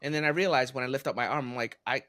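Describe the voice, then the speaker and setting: A man's voice: medium pitch, rapid-fire, no room sound, studio quality. A man co-hosting a podcast, telling stories in casual chat and acting out the voices he quotes. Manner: animated storyteller, acts out quotes. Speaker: podcast co-host.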